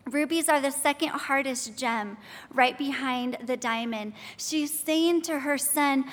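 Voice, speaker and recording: A woman's voice: sits high, unhurried, a bit bright. A woman in her thirties giving a chatty sermon to a live audience in a church hall, asking questions and reading scripture. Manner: chatty, asks the audience questions, then prays and reads scripture. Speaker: women's ministry speaker.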